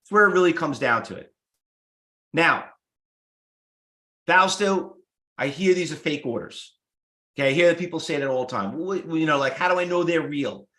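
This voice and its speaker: Brash, echoey New trading teacher. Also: male voice, a little high, lively intonation, moderate pace, long pauses, pushed and bright. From United States. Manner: brash, blunt and salesy, with rhetorical questions. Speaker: trading instructor. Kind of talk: live workshop teaching. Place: room with live students.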